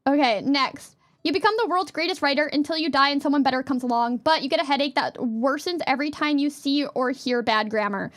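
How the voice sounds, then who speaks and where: A woman streamer chatting casually and reading questions aloud, giggly and playful, sometimes bursting into a yell. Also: sits high, brisk, hardly any pauses, no room sound, clean studio sound.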